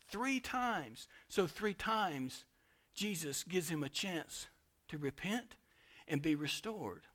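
A man delivers a sermon from the pulpit as pastor. His voice sits high and bright. He drives his points with emphatic bursts, then drops to quiet, weighty lines. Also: animated, takes it slowly. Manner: emphatic preaching with sharp swings in loudness. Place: church sanctuary.

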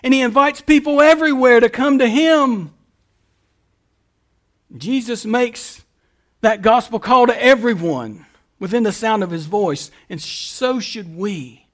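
High-voiced man preaching with emphasis. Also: unhurried. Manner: emphatic preaching, swinging from quiet to loud. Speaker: pastor. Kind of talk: sermon.

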